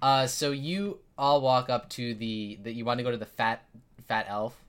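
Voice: medium pitch, fairly even intonation, moderate pace, clean tone. A game master narrating a tabletop game in a rambling way, with frequent laughter.

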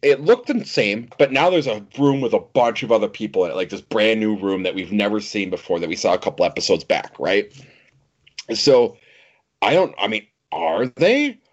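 Animated man on a lo-fi podcast. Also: fairly low pitch, normal speed. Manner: animated, laughs often, swears casually. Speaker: podcast co-host. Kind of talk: casual chat. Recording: dull lo-fi podcast audio.

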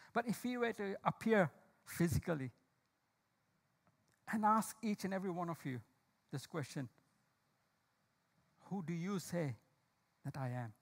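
Male pastor, very high voice, questioning sermon style, emphatic on key lines. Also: vocal fry. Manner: asks the congregation questions, calls on listeners by name.

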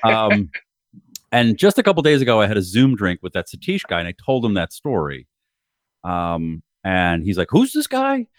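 Male podcast host, animated storyteller, lively pitch, dry close mic. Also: normal speed, dry recording. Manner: animated storyteller who acts out quoted friends.

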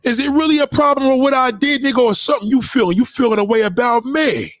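A man's voice: extremely high pitch, fast, fairly bright tone, no room sound, clean studio sound, soft background music. A man delivering a heated, profane, confrontational rant straight to his audience, with repeated callouts.

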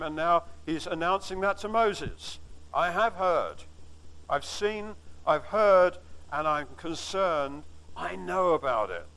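A man preaching with a slightly higher voice, earnest and emphatic. He repeats key phrases and slows down to stress them. A faint hum of ambience sits behind him. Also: a bit bright, rough recording. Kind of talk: sermon.

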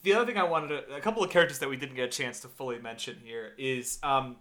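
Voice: mid-range voice, fast, a bit bright. A podcast co-host ranting sarcastically about a bad movie in casual, profane banter.

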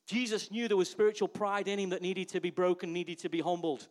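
High-voiced preacher asking questions. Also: male voice, a little fast. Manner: lively, asks the congregation frequent rhetorical questions. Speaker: pastor. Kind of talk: sermon.

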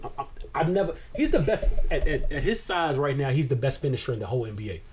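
A man's voice: medium pitch, fast talker, a little mellow, a little hiss or hum. A man co-hosting a podcast, arguing basketball opinions in an emphatic, opinionated way. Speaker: podcast co-host. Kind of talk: casual sports debate.

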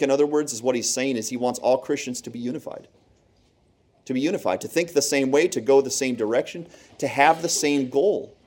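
A man in his thirties delivers a sermon in a steady middle-pitched voice. He is earnest and emphatic, hammering home his points by repeating phrases. He preaches to a small church gathering. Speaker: pastor.

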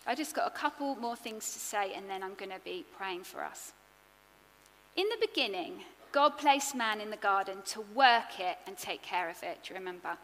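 A woman preaching a sermon, earnest and expressive, building her points in rhythmic lists. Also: mid-range voice, moderate pace, big-room sound, slight background noise.

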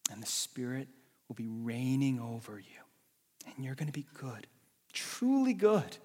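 A man preaching a sermon as a pastor, dramatic, swinging from loud calls to hushed whispers. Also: medium pitch, steady tone, moderate pace, slightly rough. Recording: long reverb of a large hall.

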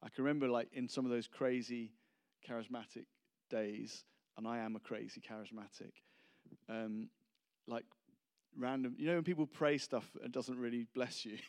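Preacher guy, chatty and self-mocking, laughs a lot, mid-pitched. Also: steady tone, moderate pace, a little mellow. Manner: rambling, self-deprecating, laughs between anecdotes. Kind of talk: casual humorous sermon.

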